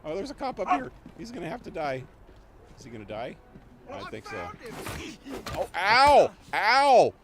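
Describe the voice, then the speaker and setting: A man's voice: fairly high pitch, wildly swooping pitch, fairly quick, noisy background. A man livestreaming a video game, commenting casually, laughing often and swearing in passing. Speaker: gaming livestreamer. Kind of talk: live gameplay commentary. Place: small home.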